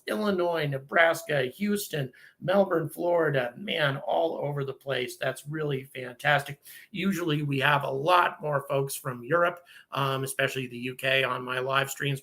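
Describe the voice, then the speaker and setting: A man's voice: on the high side, pushed and bright. An American man hosting a casual live stream, reading out viewers' locations and thanking them one by one, with frequent ums and restarts.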